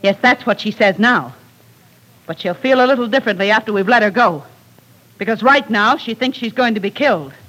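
A woman's voice: a little high, lively intonation, a little fast, a bit bright, low-quality recording. A woman playing a cruel, scheming female accomplice who talks in a cold, coaxing manner, in 1940s radio acting.

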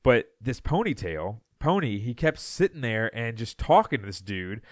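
Animated man telling a bar story. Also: medium pitch, normal speed, no room sound, studio quality. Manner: animated storyteller, acts out shouted quotes. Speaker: podcast co-host. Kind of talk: casual chat.

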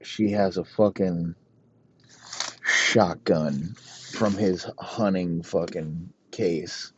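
A man improvising a profane comic story in a deadpan narrating manner. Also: low voice, very slow, slight background noise. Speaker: comedy podcast host. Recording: muffled lo-fi recording.

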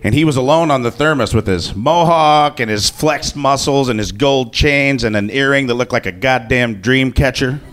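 A man's voice: medium pitch, normal speed, hardly any pauses, a bit bright, a little hiss or hum. A man telling a personal story to an audience in a casual, joking way, swearing freely. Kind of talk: live comic personal storytelling.

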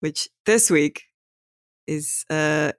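A man's voice: on the high side, extremely slow, a bit bright, no echo, clean studio sound. A man hosting a podcast in casual chat, rambling and hesitant with many fillers. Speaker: podcast host.

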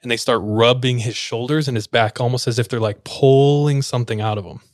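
A man's voice: medium pitch, steady tone, a little fast, no echo, studio quality. Man casually telling an eerie story. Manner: loose and conversational, many filler "like"s, acts out quoted lines.

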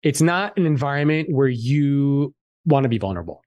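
A man guest on a podcast, telling a personal story in a candid, animated way and swearing freely. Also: mid-range voice, normal speed, no room sound, highs cut off. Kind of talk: casual storytelling interview.

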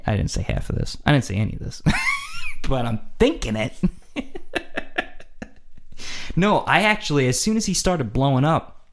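A man casually telling a story, animated and acting out quotes with frequent laughs. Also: a little high.

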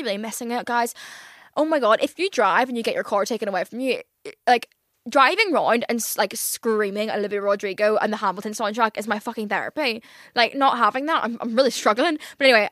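A woman's voice: on the high side, a bit bright, no echo, studio quality. A young Northern Irish woman in her twenties hosting a casual solo podcast, chatty and oversharing, swearing often and filling every gap with "like". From Northern Ireland. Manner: chatty, swears a lot, heavy filler "like". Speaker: podcast host.

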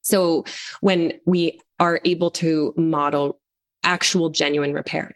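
Animated woman with a lower voice. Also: takes it slowly. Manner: earnest, animated, acts out little quoted voices. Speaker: parent coach and guest. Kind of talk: conversational podcast interview.

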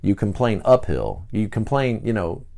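Animated low-voiced man teaching. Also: vocal fry. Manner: animated, acts out quick voices of people he describes. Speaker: podcast host. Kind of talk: casual teaching monologue.

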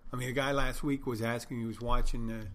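A man's voice: mid-range voice, flat delivery, quick pace, a bit bright. A middle-aged man hosting a podcast, telling rambling stories in a wry, self-correcting way. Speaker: podcast host, bartender. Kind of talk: casual monologue storytelling.

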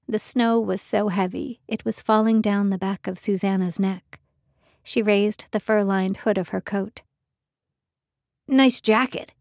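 Woman, audiobook narrator, measured storytelling, mid pitch, dry close studio. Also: darkish tone, no room sound.

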